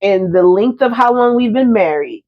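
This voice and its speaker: Animated woman telling a story. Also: mid-range voice, normal speed, dull audio. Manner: animated storyteller, acts out both sides of conversations. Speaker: podcast co-host; married housewife and mother. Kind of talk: casual chat between friends.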